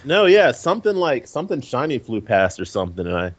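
A man hosting a casual podcast. He talks in a playful, rambling way, with big swoops in pitch. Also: big pitch swings, fairly quick, lo-fi sound. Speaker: podcast host.

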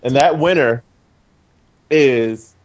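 A man hosting a casual podcast. He talks in a playful, rambling way, with big swoops in pitch. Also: extremely slow, muffled recording. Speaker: podcast host.

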